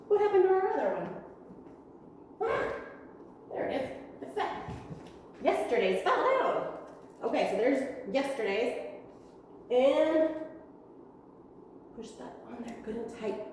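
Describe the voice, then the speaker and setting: A young woman teaching a virtual preschool lesson in a room with windows, talking slowly in a sing-song way to small children. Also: high-pitched, big pitch swings, a little mellow, distant mic, a little hiss or hum. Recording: echoey room with long reverb.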